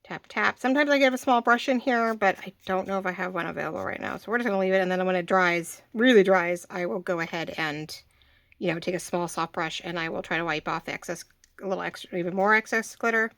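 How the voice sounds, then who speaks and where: A woman's voice: fairly low pitch, quick pace, fairly bright tone, no room sound. A woman in her forties hosting a casual craft tutorial, chatty and rambling, often restarting her sentences as she works. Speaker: craft channel host.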